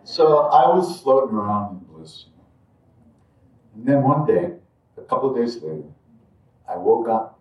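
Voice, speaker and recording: A man telling a personal spiritual story in a reflective way, dropping to near-murmurs and then suddenly bursting loud as he acts out moments. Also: mid-range voice, animated, unhurried, pauses often. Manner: reflective, drifts quiet then jumps loud when acting out moments. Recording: roomy sound from a distant mic.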